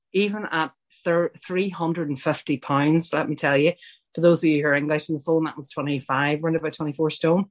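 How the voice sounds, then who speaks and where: Speaking in a low-pitched voice, a middle-aged Irish woman tells her own recovery story at a support meeting. She's candid and pokes fun at herself, dropping in chatty asides.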